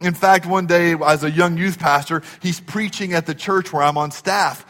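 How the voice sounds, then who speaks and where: Impassioned high-voiced male preacher, reverberant hall. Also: fairly even intonation, normal speed. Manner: impassioned, rises to near shouts on key phrases. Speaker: pastor. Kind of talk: sermon.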